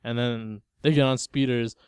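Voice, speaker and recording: Young guy on a podcast recapping a movie, smooth clear voice, dry close sound, lots of "like" and "yo". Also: medium pitch, moderate pace, dry recording. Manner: loose, animated retelling with lots of "like" and "yo", breaking into laughter. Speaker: podcast co-host. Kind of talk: casual movie discussion.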